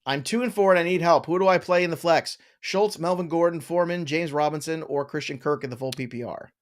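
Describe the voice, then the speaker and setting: Joking middle-aged man hosting a live Q&A. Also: fairly high pitch. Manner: reads viewer questions aloud, jokey and quick. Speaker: fantasy football show host. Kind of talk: live Q&A chat.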